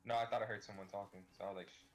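A man playing a survival game with a teammate over voice chat, brisk and practical, giving quick warnings. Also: fairly low pitch, little pitch movement. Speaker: gaming teammate. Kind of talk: casual gaming chat over voice call.

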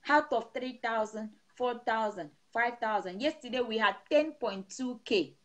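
A woman's voice: fairly high pitch, unhurried, a bit bright. A middle-aged woman pastor preaching a sermon over an online broadcast, speaking in an emphatic, repetitive blessing cadence. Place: seated indoors.

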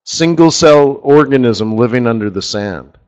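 A man's voice: medium pitch, animated, unhurried, a little mellow, clean tone, poor audio. A middle-aged man hosting a casual live trading webinar, talking in a rambling, chatty way with asides about his screen tools. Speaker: forex market strategist hosting a live webinar.

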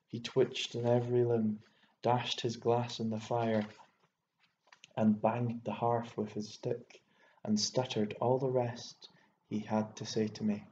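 A man reading a short story aloud as narrator, in a measured, even storytelling manner. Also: fairly low pitch. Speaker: audiobook narrator. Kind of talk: scripted narration. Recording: echoey room, dull lo-fi sound, faint hiss.

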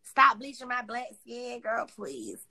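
A woman's voice: fairly high pitch, sing-song, takes it slowly, sharp tone, a little hiss or hum. A woman hosting a phone livestream, talking casually in a brash, profane, mocking way. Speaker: Instagram live host.

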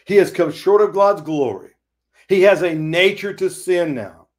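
A man's voice: high-pitched, lively intonation, a little slow. Folksy man teaching the Bible. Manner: preachy, folksy, acts out quoted dialogue. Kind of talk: Bible study sermon.

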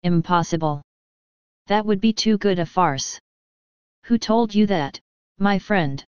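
A woman reading an audiobook, voicing a fussy elderly male Belgian detective who speaks calmly and precisely with gentle teasing. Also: mid-range voice, slow pace, clear, resonant tone, no echo, muffled recording, lightly acted. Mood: calm, amused.

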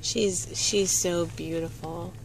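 A woman's voice: lowish voice, fairly even intonation, slow pace, noisy background. A woman chatting casually beside the unboxing, admiring with short exclamations. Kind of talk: casual chat.

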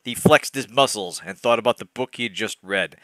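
A young adult man hosting a stream reads a bad novel aloud for laughs, breaking off to give exasperated, laughing commentary to chat. His voice is lowish and a bit bright, his pace brisk, and the recording has no room sound.

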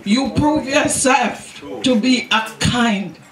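A woman's voice: a little high, takes it slowly. A woman in her eighties with a Jamaican accent, giving an affectionate birthday speech and laughing through her words. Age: 80s. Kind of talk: heartfelt party speech. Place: large echoey banquet hall. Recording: echoey hall, far mic, crowd noise.

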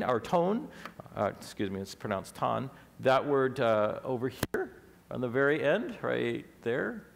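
A man's voice: medium pitch, vocal fry, long reverb tail. A man preaching a teaching sermon to a congregation, explaining things step by step and asking them questions. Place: church sanctuary.

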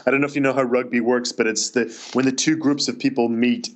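In a laid-back interview, a man from Northern Ireland who writes books spins anecdotes in a chatty way, often restarting mid-thought. His pitch stays at a normal middle level.

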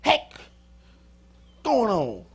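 A man preaching a sermon as pastor, folksy and joking with the congregation, swinging between soft asides and sudden shouts. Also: high-pitched, wildly swooping pitch, drawn-out words, slightly rough. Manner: folksy, humorous, talks to the congregation. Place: church sanctuary.

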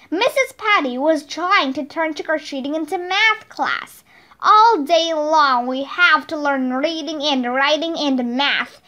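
A woman reading a children's chapter book aloud in an expressive, lively storybook read-aloud. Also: sits high, a little slow.

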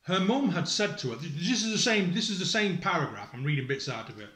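A fairly high, sharp male voice swings widely in pitch and moves fast, with plenty of reverb. Emotional and distressed, he confronts his family head-on as their father, swearing, accusing, breaking off, and reading from a school report to camera.

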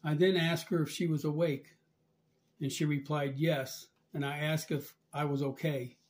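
A man reading aloud a written account of a dream and vision in a measured, subdued way. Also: a little high, little pitch movement. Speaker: religious channel narrator.

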